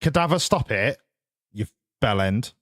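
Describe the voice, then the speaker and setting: A man's voice: mid-range voice, lively intonation, a little slow, a bit bright, dry recording, clean studio sound. A man chatting casually while streaming a driving game, rambling and swearing freely. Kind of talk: casual live-stream chat.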